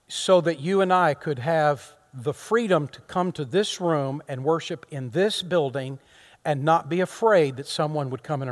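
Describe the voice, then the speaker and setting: Delivering a sermon to his flock, this middle-aged pastor speaks on the higher side. His delivery alternates between fervent, booming rises and quiet, near-whispered remarks.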